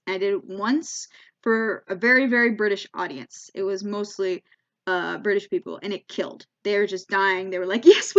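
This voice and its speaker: A woman's voice: fairly high pitch, muffled recording. A young American woman telling a comic travel story, acting out voices and often restarting her sentences. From United States. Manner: animated, acts out quoted voices, frequent restarts. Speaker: comedian.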